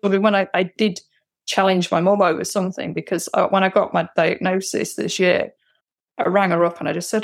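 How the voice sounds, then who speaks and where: Woman, 40s, therapy client, candid and venting, gravelly texture. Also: fairly low pitch, level tone, a little fast. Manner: frank, venting frustration. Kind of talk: candid personal account.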